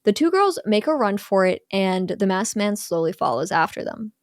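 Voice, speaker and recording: A young woman co-hosting a podcast, recapping a horror movie in an animated, chatty way, full of "like" and acted-out quotes. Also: mid-range voice, normal speed, dry recording, clean studio sound. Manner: animated storyteller, lots of "like", acts out quotes. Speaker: podcast co-host recapping a film.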